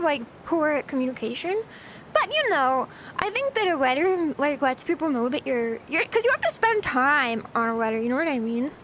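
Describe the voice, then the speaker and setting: A woman's voice: high voice, fairly bright tone, a little hiss or hum. A young American woman chatting casually on a live stream, giggly and bubbly, reading and answering chat. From United States. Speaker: VTuber streamer.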